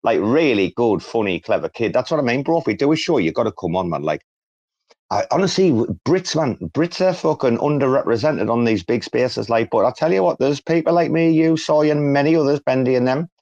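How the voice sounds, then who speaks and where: British guy bantering on a live audio chat, swears, swings his pitch all over, dull lo-fi sound. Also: lively intonation, brisk, a little mellow. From Britain. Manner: joking, teasing, swears a lot. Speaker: co-host.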